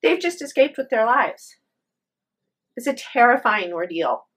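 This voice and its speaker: A woman's voice: fairly high pitch, sing-song, a little slow, a bit bright, breathy edge. A woman telling a spoken ghost story with drama, acting out the voices of her characters.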